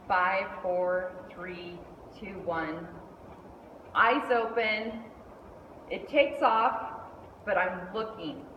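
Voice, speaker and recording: A middle-aged woman giving a lively storytelling speech, acting out the voices of the people in her story. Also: fairly low pitch, very slow, pauses often, far from the mic, dull audio, slight background noise. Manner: animated, acts out quoted voices. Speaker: speaker at a speech club. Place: meeting hall indoors. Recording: echoey hall, mic from afar.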